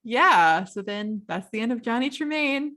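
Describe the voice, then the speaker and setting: A woman co-hosting a book club podcast, chatting casually and retelling the plot with quick asides and frequent laughter. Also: a little high, lively intonation, sharp tone. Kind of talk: casual chat.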